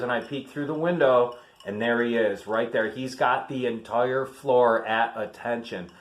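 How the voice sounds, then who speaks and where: A man's voice: mid-range voice, measured pace, few pauses. Rambling chatty man in his fifties. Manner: rambling, chatty, many fillers and restarts. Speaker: army veteran showing family military keepsakes. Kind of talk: casual storytelling vlog.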